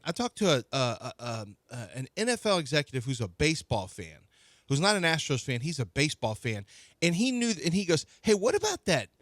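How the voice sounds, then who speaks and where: A man's voice: fairly high pitch, a bit bright, no echo, studio quality. A man hosting sports talk radio, ranting indignantly and restarting his sentences.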